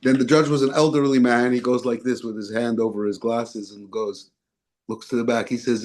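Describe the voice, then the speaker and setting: A man's voice: medium pitch, normal speed. A man, a guest speaker, telling a personal story and acting out the voices of the people in it. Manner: animated storyteller, acts out quoted voices. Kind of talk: storytelling talk.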